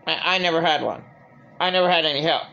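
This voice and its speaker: A woman's voice: deep voice, fast talker, gravelly, bright, forceful tone, muffled recording. Rambling, agitated middle-aged woman. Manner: agitated, rambling, full of filler words. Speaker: vlogger. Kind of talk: rambling personal monologue.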